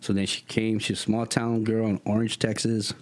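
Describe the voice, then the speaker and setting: Lively man telling a story. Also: lowish voice, normal speed. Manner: animated, acts out voices in his stories; casual street slang. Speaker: guest. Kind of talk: storytelling interview.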